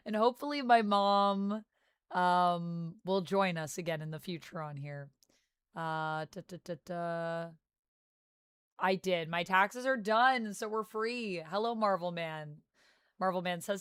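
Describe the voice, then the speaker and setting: A young woman from Canada chats with her stream audience, greeting viewers one by one. Her voice is smooth and clear, and the sound is dry and close. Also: mid-range voice, a little slow, dry recording. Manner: chatty, greets viewers by name. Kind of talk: casual livestream chat.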